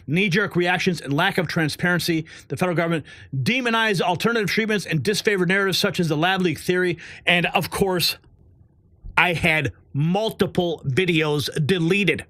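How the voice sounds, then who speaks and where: A man's voice: high voice, fairly quick, a bit bright, dry recording, clean studio sound. A man hosting a live online news show, ranting in an indignant, emphatic and sarcastic way. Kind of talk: live commentary rant.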